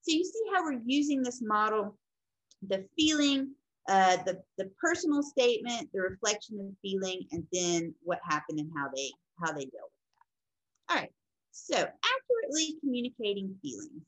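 Animated woman teaching counseling. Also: mid-range voice, normal speed, poor audio. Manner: animated, acts out quoted people. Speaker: counseling instructor. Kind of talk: informal teaching lecture.

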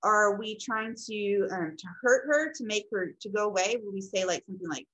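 A woman teaching a casual lesson, talking in a rambling, conversational way with fillers and self-corrections, gently reflective about feelings. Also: mid-range voice, big pitch swings, a little fast, few pauses, low-quality recording. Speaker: instructor. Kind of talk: casual recorded lecture.

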